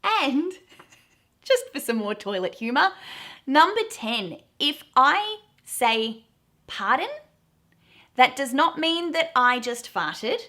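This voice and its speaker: A woman's voice: high voice, very animated, takes it slowly, sharp tone. A woman in her thirties with an Australian accent, explaining slang to camera in a chatty, giggly, self-deprecating way. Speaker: YouTube host teaching Australian slang. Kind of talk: casual explainer talk to camera.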